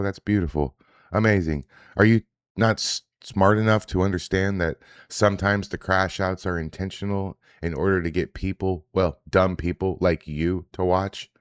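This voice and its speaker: A man's voice: deep voice, no room sound, studio quality. A man hosting a daily reaction livestream, ranting in a profane, combative, casual way. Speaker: host. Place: indoors, home setup.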